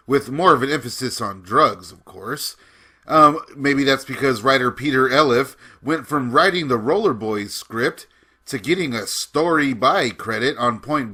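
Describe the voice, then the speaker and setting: Bright-voiced man talking about films. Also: medium pitch. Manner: enthusiastic, laughs while talking. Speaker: guest film commentator. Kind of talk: casual film commentary.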